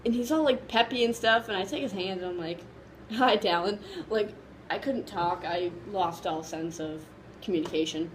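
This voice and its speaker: A woman vlogger casually telling a story to camera, excited and gushing, rambling with lots of fillers. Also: fairly low pitch, normal speed, slight background noise, poor audio.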